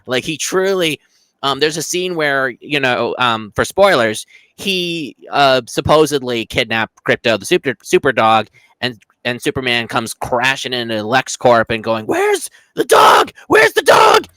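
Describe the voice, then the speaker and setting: A man's voice: mid-range voice, measured pace, pushed and bright, clean tone, no room sound. A young man co-hosting a casual film review podcast, rambling with repeated words and acting out scenes. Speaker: podcast co-host.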